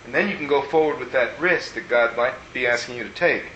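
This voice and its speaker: A man preaching a sermon as pastor, telling stories in an animated way and acting out the people he quotes. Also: mid-range voice, fast talker, muffled recording, a little hiss or hum. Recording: roomy echo.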